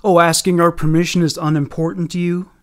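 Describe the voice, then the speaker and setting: A man's voice: fairly high pitch, level tone, brisk, close to an everyday voice. A man voicing a cold, scornful mother. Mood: scolding. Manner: scolding, sarcastic.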